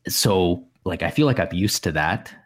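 Deep-voiced man musing over sports. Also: lively intonation, normal speed. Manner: musing, thinks aloud with many restarts. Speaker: podcast co-host. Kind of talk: casual sports chat.

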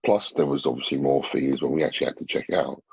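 A man's voice: rumbling low, fast, creaky, breathy edge, no room sound, muffled recording. A man talking as a bodybuilder guest in a casual interview, blunt and swearing freely.

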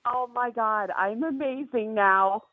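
A woman calling in to a podcast, excitable and emotional at speaking with the hosts. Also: on the high side, slow pace, dry recording, narrow, tinny audio. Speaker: caller. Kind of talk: excited phone-in chat.

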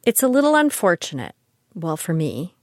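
A woman's voice: on the low side, very animated, normal speed, no echo, clean studio sound. An older woman, a grandmother, telling personal stories in a chatty, candid and reflective monologue. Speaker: podcast host.

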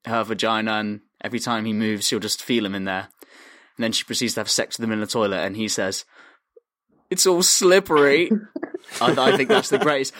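A man's voice: medium pitch, fairly bright tone, no echo, clean studio sound. A man co-hosting a podcast, talking in loose, rambling casual chat. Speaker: podcast co-host.

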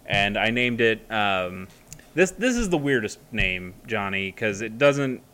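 A man's voice: fairly low pitch, very animated, unhurried, bright, forceful tone. A man chatting casually as a co-host, rambling with many fillers and restarts. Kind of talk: casual chat.

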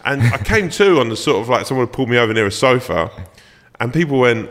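A comedian and actor chatting as a podcast guest, telling stories animatedly and swearing freely. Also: male voice, medium pitch, expressive, fast, a bit bright. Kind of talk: casual podcast chat.

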